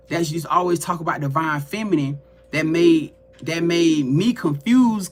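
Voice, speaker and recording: Lively, bright-voiced man telling a story. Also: high voice. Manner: animated, profane, addresses viewers as y'all. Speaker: tarot reader and livestream host. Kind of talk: casual storytelling on a livestream.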